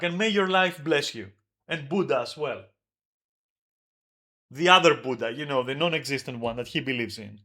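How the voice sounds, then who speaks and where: A man streaming an angry, profane rant about his old flatmate, yelling at times. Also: mid-range voice, moderate pace, long pauses. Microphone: desk microphone.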